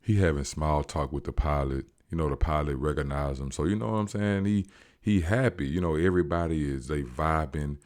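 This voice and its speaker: Low voiced guy recapping a show, real animated. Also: a little fast. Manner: animated, slangy, acts out quotes. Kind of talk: casual storytelling recap.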